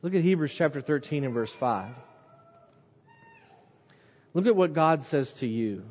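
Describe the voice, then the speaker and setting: A man preaching an evening sermon, emphatic, repeating words for stress and dropping to a low hush at the ends of phrases. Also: expressive, unhurried. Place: church sanctuary during an evening service. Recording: muffled recording with long hall reverb.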